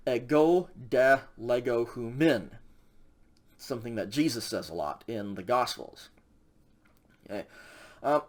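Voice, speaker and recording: A man teaching a recorded Greek grammar lecture in a casual way, with many fillers and frequent checks with the class. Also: mid-range voice. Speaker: Greek instructor.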